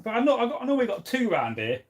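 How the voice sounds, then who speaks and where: A man's voice: very high-pitched, wildly swooping pitch, quick pace. A man hosting a live stream and reading the chat aloud, talking in a rambling, opinionated way with plenty of fillers.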